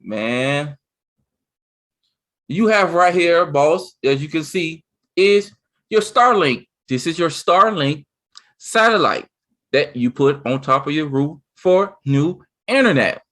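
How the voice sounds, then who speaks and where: Talkative man, higher-pitched, rambling. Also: slow. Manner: excited, rambling, with lots of restarts and "you see what I'm saying". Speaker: co-host. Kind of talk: casual chat.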